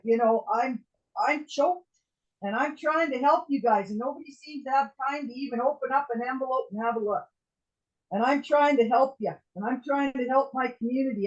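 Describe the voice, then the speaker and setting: An older Canadian woman telling in a rambling, indignant way how she confronted an official, quoting what she said. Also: a little high. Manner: indignant, rambling, quotes her own words. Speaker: citizen recounting a meeting. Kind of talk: casual storytelling. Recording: dull lo-fi sound.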